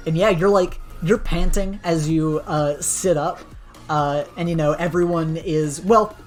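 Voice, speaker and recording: A woman running a tabletop superhero game, narrating casually with lots of fillers. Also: low voice. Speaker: game master.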